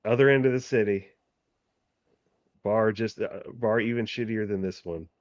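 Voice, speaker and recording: A man's voice: lowish voice, steady tone, moderate pace, dry recording, lightly acted. A man voicing a weary, grumpy male tavern bartender who sighs and shoos people off, through a dull, lo-fi mic. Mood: fed up. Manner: world-weary, sighing.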